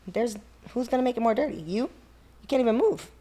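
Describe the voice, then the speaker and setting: Blunt, playful mom giving advice. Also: female voice, on the high side, animated, fast talker, mellow. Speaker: guest mother. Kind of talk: casual advice chat.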